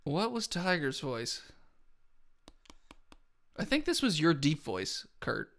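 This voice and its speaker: A man co-hosting a podcast, joking and laughing as he plays a game. His bright voice moves lively up and down. He talks at an unhurried pace. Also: a little high, creaky. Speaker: podcast co-host. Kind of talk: joking casual chat while playing a game.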